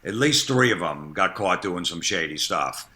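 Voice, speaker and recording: A man's voice: low voice, lively intonation, normal speed, bright, forceful tone. A man in his fifties, a comedian guest, telling blunt stories in casual podcast chat and laughing at himself.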